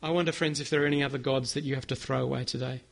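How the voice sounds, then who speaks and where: A man's voice: mid-range voice, fairly even intonation, very fast, gravelly. A man preaching a sermon, earnest and direct, leading his congregation in a call-and-response. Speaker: pastor.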